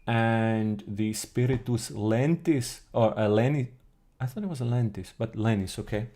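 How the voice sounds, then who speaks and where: A man's voice: mid-range voice, measured pace, mellow. A man teaching on a live stream, thinking aloud as he goes and correcting himself mid-sentence. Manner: reads chat questions and answers them. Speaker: streamer teaching an old alphabet book. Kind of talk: live-streamed explanatory lesson.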